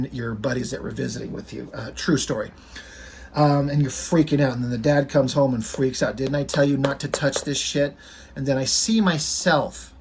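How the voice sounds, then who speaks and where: A man's voice: medium pitch, a little hiss or hum. A man casually retelling comic strips in loose, rambling talk that slips into offhand swearing. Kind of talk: casual storytelling.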